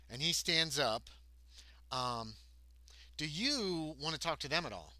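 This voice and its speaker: A man's voice: on the high side, expressive, unhurried, pauses often, pushed and bright, dry recording. A man narrating a tabletop game as game master, rambling along with many ums and self-corrections.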